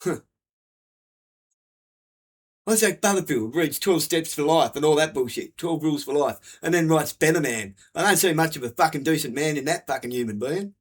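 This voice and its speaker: A man, his voice sitting a bit higher than most men's. He rants bluntly and keeps swearing, looping back over the same points in a hard, sweary delivery. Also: lively intonation, moderate pace, breathy edge. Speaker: vlogger. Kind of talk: angry profane rant.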